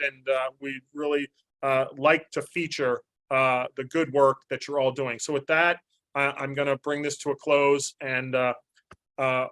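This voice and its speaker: A man's voice: a little high, sharp tone. A man hosting a webinar, wrapping up questions and closing remarks in a wordy, meandering, folksy way over a video call. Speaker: webinar host.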